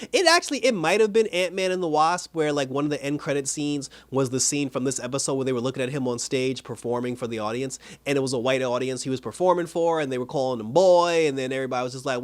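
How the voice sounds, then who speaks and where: A man reviewing a TV episode in a casual video, animated and laughing often as he recaps. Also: mid-range voice. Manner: animated, laughs often, quotes characters in put-on voices. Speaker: TV show reviewer.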